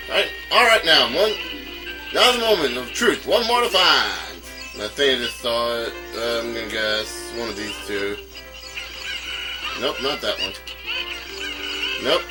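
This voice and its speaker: A man's voice: medium pitch, low-quality recording. A man from North Carolina giving casual, rambling commentary while playing a game, stammering and chuckling often. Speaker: let's play host. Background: game music.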